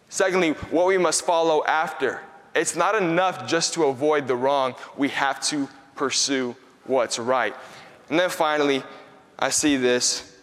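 A young man preaching a sermon in a conversational, energetic way, acting out his own stories for the room. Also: fairly high pitch. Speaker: pastor. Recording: long hall reverb.

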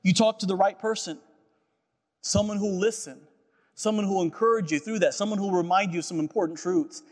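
A man's voice: high voice, a little fast. A man preaching a sermon as a pastor, earnest and personal, often repeating phrases and checking in with "right?". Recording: echoey hall.

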